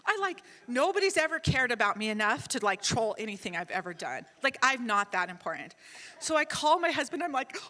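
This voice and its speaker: A middle-aged woman on a conference panel, telling a story in an animated, self-mocking way and acting out the dialogue. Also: a little high, a little fast, long reverb tail. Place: large conference hall.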